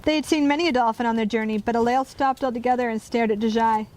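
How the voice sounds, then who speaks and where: A woman's voice: fairly high pitch, steady tone, fast, a little mellow, slight background noise. Woman reading a storybook aloud. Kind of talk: storybook read-aloud narration.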